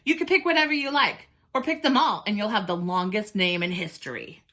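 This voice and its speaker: A woman voicing an eager young boy in a read-aloud picture book, talking in an excited, insistent way. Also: medium pitch, fairly quick, lightly acted.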